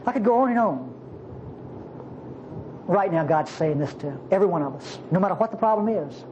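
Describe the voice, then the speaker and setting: A woman preaching a sermon in an animated, conversational way, asking the congregation questions. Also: lowish voice, brisk, dull audio, background noise.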